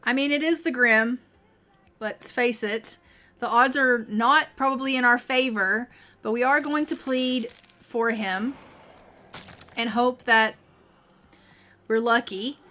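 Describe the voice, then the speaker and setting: A woman's voice: on the high side, slow pace, pauses often, bright, forceful tone. A woman streamer casually commenting on her game as she plays, chatting with her viewers and voicing the characters now and then. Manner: chatty, reads out game text and voices the characters. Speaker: gaming streamer.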